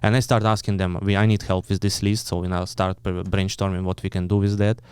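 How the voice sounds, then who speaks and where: Ukrainian-accented man, 30s, non-native English, low, clear, blunt storyteller. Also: flat delivery, brisk, a little mellow, dry recording, clean studio sound. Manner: blunt, swears often, acts out quoted dialogue; broken English, frequent restarts. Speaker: guest. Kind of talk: storytelling in an interview.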